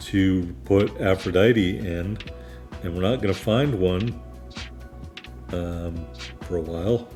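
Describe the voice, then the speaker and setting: Casual let's-play host, a man with a lowish voice, chatty and meandering, faint game music underneath. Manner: rambling, many ums, self-deprecating asides.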